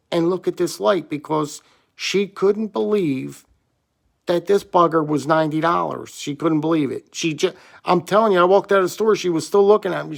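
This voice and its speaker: A man telling a rambling, excitable story about buying a flashlight. He sounds slightly hoarse and repeats himself often. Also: high voice. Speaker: gear reviewer. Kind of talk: casual storytelling vlog.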